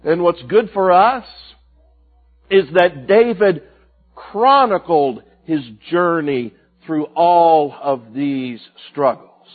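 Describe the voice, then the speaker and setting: A man preaching a sermon, swinging from loud cries to hushed, quiet lines. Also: high-pitched. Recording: tinny phone-like sound with faint music.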